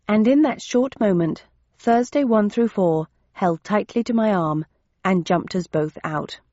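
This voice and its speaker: A woman narrating a first-person novel in a wry, measured storytelling manner. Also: on the low side, mellow, no room sound, highs cut off. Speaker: audiobook narrator.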